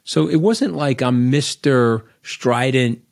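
A man's voice: mid-range voice, slow, creaky, no echo, studio quality. A middle-aged man from Long Island speaks with a thick New York accent in a mid-range voice. He tells his stories as a podcast guest, bluntly and at length. He drifts from point to point, often checking in with "okay?". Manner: blunt, rambling, tags lines with "okay?". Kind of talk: casual storytelling interview.

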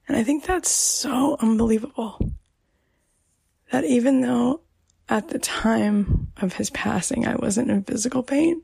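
Brief: middle-aged woman podcast host, tender half-whispered delivery, very husky tone. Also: on the high side, no room sound. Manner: slow, soft, half-whispered and tearful. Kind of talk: personal story to listeners.

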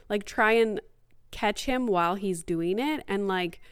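A woman's voice: medium pitch, unhurried, clear, resonant tone, no echo, studio quality. A woman in her thirties hosting a podcast, talking casually and chattily, full of "like" and "um", a little out of breath. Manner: chatty, heavy use of "like" and "um". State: mildly out of breath. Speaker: podcast host. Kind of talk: casual solo podcast talk.

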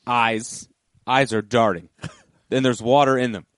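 A man's voice: mid-range voice, fairly even intonation, unhurried, dry recording, clean studio sound. A man co-hosting a casual comedy podcast who laughs often and backs up his partner with frequent yeahs. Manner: laughs often and gives lots of back-channel yeahs. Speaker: comedian co-host.

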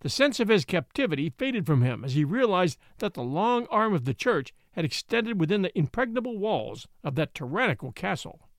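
A male narrator tells a historical story in a theatrical, expressive way. His voice sits fairly high and moves around a lot. The sound is dry and close. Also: moderate pace, no room sound. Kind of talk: dramatic audiobook narration.

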